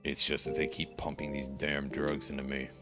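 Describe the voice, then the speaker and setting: A man voicing a drugged, paralyzed man who talks in a weary, low mumble, reading game dialogue aloud. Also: little pitch movement, moderate pace, over loud music.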